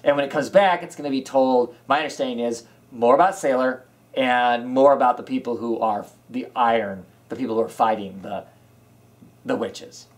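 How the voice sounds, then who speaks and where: A man's voice: medium pitch, moderate pace. A man co-hosting a casual comic book chat, rambling and hesitant, with frequent restarts. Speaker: podcast co-host. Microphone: camera mic.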